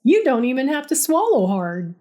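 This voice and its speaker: A woman's voice: high-pitched, sing-song, normal speed, mellow, voice pushed up. A woman voicing a smug, preachy male bio-hacker coworker who lectures in an earnest, condescending way. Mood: earnest lecturing.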